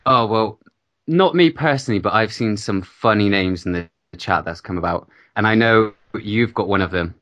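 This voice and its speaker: A man with a British accent, co-hosting a casual gaming podcast, easygoing and quick to laugh at himself. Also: lowish voice, fairly bright tone, dry recording. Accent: British English. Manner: easygoing, laughs often, self-mocking. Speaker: podcast co-host.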